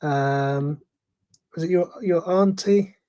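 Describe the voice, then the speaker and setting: Hesitant man with a mellow, dry voice. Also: on the high side, takes it slowly, no echo. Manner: hesitant, asks questions to viewers. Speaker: co-host reading viewer comments.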